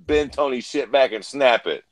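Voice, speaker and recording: A man's voice: medium pitch, expressive, moderate pace, dry recording, rough recording. Laid-back profane man, dry mic. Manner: laid-back, profane, chuckles while talking. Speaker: podcast co-host. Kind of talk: casual chat.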